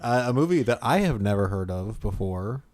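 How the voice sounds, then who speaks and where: A man's voice: lowish voice, lively intonation, normal speed, a little mellow, dry recording. A man co-hosting a podcast, chatting casually with playful puns and banter. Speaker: podcast co-host. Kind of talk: casual chat.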